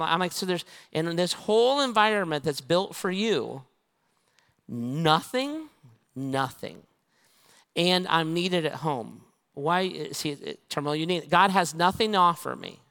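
A man preaching a sermon in a big, echoing hall, his voice smooth and a touch high. He acts out little conversations, switching between the voices in a story. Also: unhurried. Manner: animated storytelling, acting out both sides of conversations. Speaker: pastor. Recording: long reverb of a large hall.

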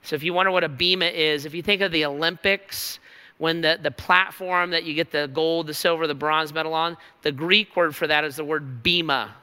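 A man's voice: a little high, steady tone, brisk, pushed and bright, smooth. A man preaching a sermon as pastor, earnest and emphatic, teaching from scripture. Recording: reverberant hall.

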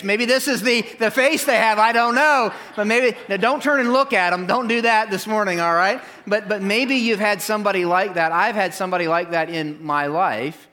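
A middle-aged man preaching a sermon to his congregation in a church, telling a story with lively, animated delivery. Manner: animated storytelling, jumps up in pitch for quoted lines. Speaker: pastor. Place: church sanctuary.

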